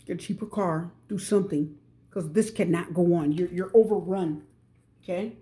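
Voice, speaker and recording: A woman's voice: lowish voice, normal speed, mellow, a little hiss or hum. A middle-aged woman from the United States giving a pick-a-card tarot reading, chatty and emphatic, repeating her advice straight to viewers. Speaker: tarot reader.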